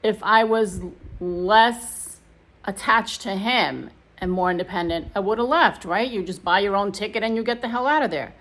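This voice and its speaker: A woman's voice: mid-range voice, normal speed, fairly bright tone. A middle-aged woman vlogging, telling her own painful story in a casual, emotional, rambling way with many restarts. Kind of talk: casual personal storytelling to camera.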